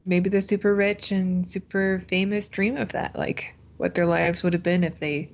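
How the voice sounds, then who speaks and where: A woman's voice: on the low side, steady tone, moderate pace, gravelly, highs cut off. A woman co-hosting a podcast in easygoing casual chat, laughing often. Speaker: podcast co-host.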